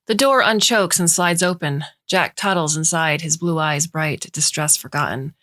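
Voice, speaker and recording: A woman narrating a short story in a measured, even way. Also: sits low.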